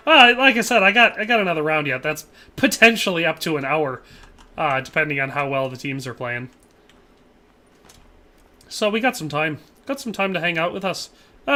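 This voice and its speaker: A man's voice: high-pitched, bright, forceful tone. A man live-streaming a shooter game, chatting casually and reading viewer comments, rambling and tacking playful tag phrases onto his lines. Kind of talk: casual gameplay commentary while reading chat.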